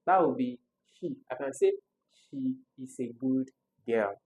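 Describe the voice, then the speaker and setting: A male tutor talks students through exam answers. His voice sits at an ordinary middle pitch. He leans hard on key words, says each answer twice and keeps putting questions to the listener. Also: unhurried, darkish tone, low-quality recording. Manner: emphatic, repeats answers, asks rhetorical questions. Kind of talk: exam-prep lesson.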